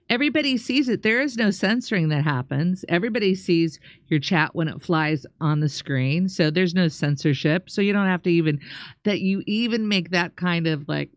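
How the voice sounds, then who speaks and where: A woman's voice: medium pitch, dry recording. Exasperated chatty woman reading viewer chats. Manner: exasperated, chatty, scolding then friendly. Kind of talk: casual live-stream chat.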